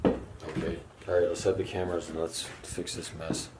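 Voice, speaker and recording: A man's voice: deep voice, flat delivery, moderate pace, very noisy. Casual young man investigating. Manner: casual, bro-ish, questioning. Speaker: paranormal investigator. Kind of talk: scripted prank-style investigation video. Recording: background music.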